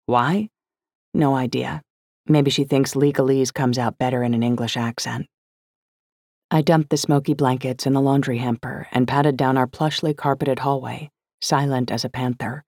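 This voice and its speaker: A woman's voice: a bass voice, darkish tone, no room sound. A woman narrating a first-person audiobook with wry, dry humour.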